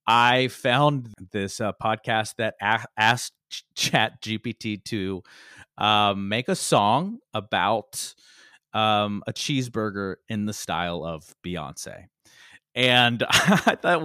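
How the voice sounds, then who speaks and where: A male podcast co-host talks casually, laughing often and dropping the odd curse. His voice is very lively, swooping up and down as he tells a story. The sound is close and dry. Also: on the low side, slow pace, smooth, no echo.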